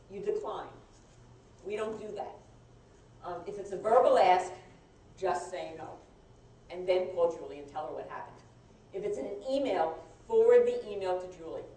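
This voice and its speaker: A woman lawyer giving a live compliance training talk, conversational and halting, with frequent restarts. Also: on the low side, warm tone. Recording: echoey room, mic far off, faint noise.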